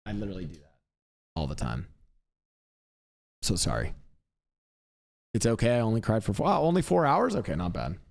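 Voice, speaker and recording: A man's voice: lowish voice, big pitch swings, normal speed, gravelly, pauses often, a little mellow. A man streaming live, chatting casually in a rambling, upbeat, self-mocking way. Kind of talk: casual chat.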